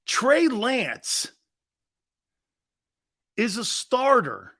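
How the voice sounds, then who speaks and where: Loud gravelly sports talk host. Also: male voice, very high-pitched, huge pitch swings, drawn-out words. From lives in Florida. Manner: loud, joking, laughs often, blunt. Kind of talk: live sports radio talk.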